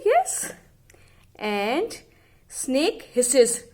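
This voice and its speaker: Slow, lively woman teacher. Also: high voice. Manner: slow, spells words letter by letter, imitates animal sounds. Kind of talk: online class lesson.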